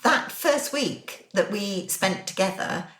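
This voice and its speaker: Animated low-voiced woman in an echoey room. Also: takes it slowly. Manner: animated and expressive, with big swoops in pitch. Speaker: podcast co-host. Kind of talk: casual kitchen-table chat. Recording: roomy echo.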